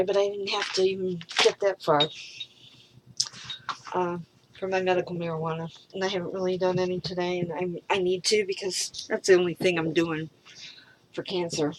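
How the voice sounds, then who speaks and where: A middle-aged woman in a rambling personal monologue, frustrated, halting, swearing freely and trailing off. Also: lowish voice, noisy background. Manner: halting, with many pauses and fillers. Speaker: vlogger.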